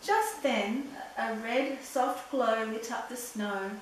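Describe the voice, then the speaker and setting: A woman reading a children's Christmas story aloud in a gentle, expressive way. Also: medium pitch, unhurried, hardly any pauses. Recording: very echoey, far from mic, faint hiss.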